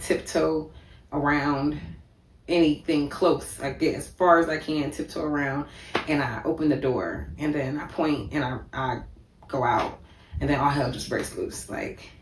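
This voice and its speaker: A woman's voice: sits low, slight background noise. A woman vlogger telling a personal story in a vivid, repetitive way, with many fillers. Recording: echoey room, distant mic.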